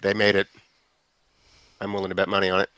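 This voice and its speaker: A man's voice: sits low, monotone, quick pace, fairly bright tone, dry recording. A man playing a tabletop game who talks through his moves playfully and acts out sound effects. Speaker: player.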